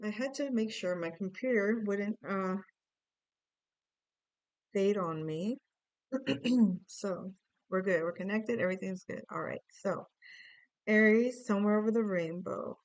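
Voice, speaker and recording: A woman's voice: medium pitch, a little slow, long pauses, no room sound, dull audio. A woman giving a casual, playful tarot reading, chatting to her viewers while recording on her computer. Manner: chatty, playful, sings snatches of song. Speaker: tarot reader.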